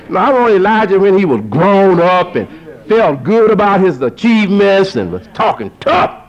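A man preaching to an audience, who repeats phrases for emphasis and climbs to forceful peaks. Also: high voice, moderate pace, few pauses. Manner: lively, rising to forceful peaks. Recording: dull lo-fi recording.

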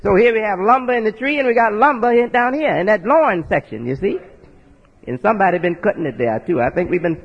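A preacher with a high, animated voice talks fast, with vocal fry and a breathy edge. He teaches in a folksy sermon style, spelling out words, checking in with listeners and tossing in rhetorical asides that end in "right?". The audio is dull and lo-fi, with a long hall reverb.

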